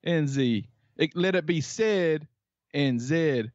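New Zealand man, jokey podcast guest, slightly higher voice, dull lo-fi line. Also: slow, darkish tone, no echo. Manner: playful, jokey, riffs and repeats himself. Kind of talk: casual podcast chat.

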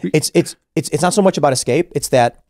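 A man's voice: a little high, brisk, darkish tone, no echo. A man hosting a podcast, talking casually and animatedly, acting out imagined dialogue with many restarts, close to a studio mic. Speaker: podcast host.

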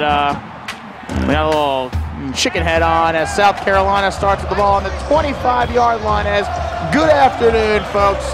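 High-voiced young man calling a game. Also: rough recording. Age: young adult. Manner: jokey announcer delivery. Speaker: play-by-play commentator. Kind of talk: comedic mock sports commentary.

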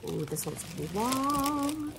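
A woman vlogging as she unboxes craft kits, gushing with bubbly excitement and lots of fillers. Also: high voice, extremely slow, vocal fry, very noisy. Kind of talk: casual unboxing chat.

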